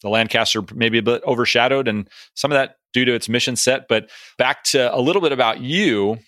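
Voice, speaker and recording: A man's voice: medium pitch, fairly quick, a bit bright, no room sound. An American man hosting a podcast interview, chatty and self-deprecating, with lots of fillers. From United States. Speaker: podcast host. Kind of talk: casual interview chat.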